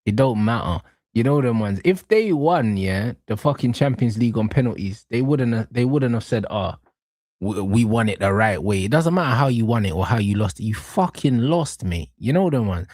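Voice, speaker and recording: A man's voice: medium pitch, fairly quick, no room sound, studio quality. A man, co-hosting a reaction show, trading mocking, slang-heavy football banter. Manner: mocking, slangy, animated trash talk. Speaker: reaction channel co-host.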